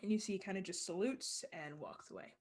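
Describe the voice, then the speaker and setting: A woman's voice: medium pitch, brisk, darkish tone. A woman narrating as game master of a tabletop game, laughing often as she describes scenes. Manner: laughs often, voices characters briefly.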